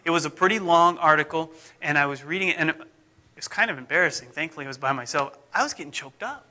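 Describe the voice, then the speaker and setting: A middle-aged man, a pastor, preaching in a conversational, self-deprecating way whose phrases often fade off softly. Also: fairly high pitch, quick pace. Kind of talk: sermon.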